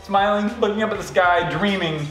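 A young man hosting a casual challenge video, excitable and laughing often. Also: sits high, brisk, roomy sound, music in the background, low-quality recording. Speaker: host.

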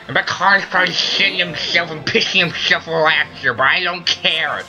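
A man playing a video game and commenting, ranting loudly at his teammates in a put-on silly voice. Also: fairly high pitch, normal speed. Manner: loud, frustrated ranting at teammates. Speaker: let's play gamer. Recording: faint game music behind. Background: game music.

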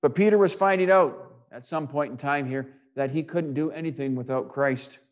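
Male preacher, sermon, scripture reading, rhetorical questions, repeats lines, slightly high voice. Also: moderate pace. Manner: rhetorical questions and repeated phrases, swinging between loud and hushed.

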